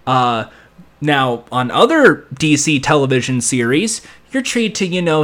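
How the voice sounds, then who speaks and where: A man with a slightly high voice recaps a show in a loose, rambling way. He is sarcastic throughout and adds sound effects and quick impressions as he goes. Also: animated, a bit bright. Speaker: show reviewer. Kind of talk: casual recap and commentary.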